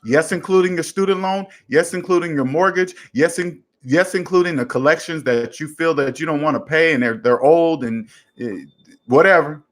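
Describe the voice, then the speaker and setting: A man's voice: on the high side, normal speed. A man hosting a casual personal finance talk, giving advice to a listener in an emphatic, repetitive way, coming back to one simple formula again and again. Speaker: personal finance coach and show host.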